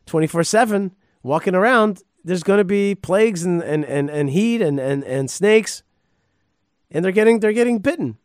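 A man, a rabbi, teaching the weekly Torah portion in a casual, animated way, reading verses and then riffing on them with restarts and emphatic bursts. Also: fairly high pitch, no room sound, clean studio sound. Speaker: rabbi and podcast host.

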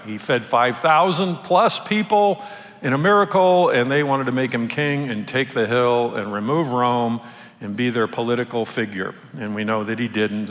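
Man, pastor, sermon, conversational, playful, average pitch, echoing sanctuary. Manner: casual, conversational, animated, playful asides. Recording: long hall reverb.

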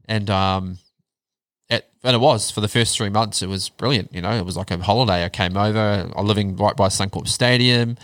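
Candid, lowish New man, dry sound. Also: moderate pace, a bit bright, dry recording. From New Zealand. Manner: candid storytelling, swears freely, drops to a low murmur on hard parts. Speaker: guest. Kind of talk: casual chat.

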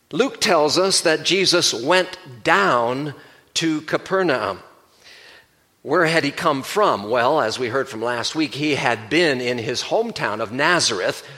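A man preaching a sermon at a mid pitch, his voice bright and forceful. He explains scripture in a measured, teacherly way. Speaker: pastor.

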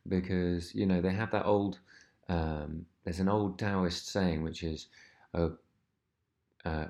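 A man's voice: low-pitched, fairly even intonation, slow, pauses often, a little mellow. A man hosting a self-help podcast, talking reflectively in an easygoing way with many fillers. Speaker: podcast host.

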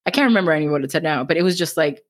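A woman from Miami with a Miami accent, an author chatting in an interview, talking fast and laughing often. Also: deep voice, expressive. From Miami, Florida. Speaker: author guest. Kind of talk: casual interview chat.

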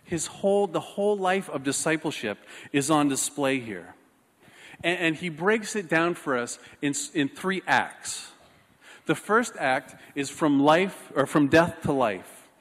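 Animated storytelling pastor in a reverberant hall. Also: male voice, a little high, unhurried. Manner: animated, self-mocking storytelling. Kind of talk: sermon with a personal story.

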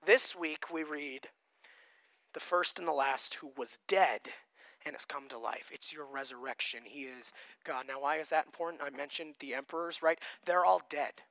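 Man, pastor, sermon, high voice, emphatic, dry sound. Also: normal speed, gravelly, no room sound. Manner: emphatic, swings from loud to quiet.

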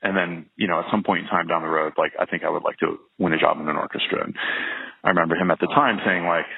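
A low-voiced man with a husky, slightly rough tone talks casually about his career as a trumpet player. He rambles and restarts sentences, leaning on fillers as he thinks aloud. His voice comes through a narrow, phone-like line. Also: fairly even intonation, fast. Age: adult, well past early twenties. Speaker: professional trumpet player, interview guest. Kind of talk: casual conversational interview.

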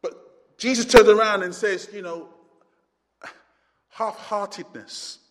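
A man preaching a sermon, impassioned, rising to near shouts and then dropping low. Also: slow. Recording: hall reverb.

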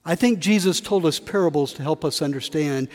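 A man preaching a sermon in a cathedral, telling a story with lively emphasis and acting out quotes. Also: fairly high pitch, a little fast. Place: large cathedral. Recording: long cathedral reverb.

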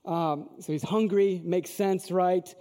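Guy preaching with a high mellow voice, chatty storytelling, long echo like a big hall. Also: steady tone, slow pace, clean tone. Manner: storytelling, conversational, asks the audience questions. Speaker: pastor. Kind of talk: sermon.

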